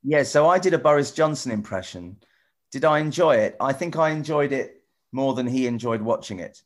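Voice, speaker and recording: A man presenter chatting with children in a casual video call, rambling and restarting often, gentle and encouraging. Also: mid-range voice, lively intonation, moderate pace. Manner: rambling, stop-start, many repeated "you know". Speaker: TV presenter answering children's questions.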